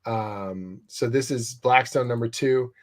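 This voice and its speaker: A man's voice: medium pitch, slow. A man, a comics writer as guest, telling stories animatedly in a casual interview and swearing freely. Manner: animated storyteller, swears freely, acts out quotes.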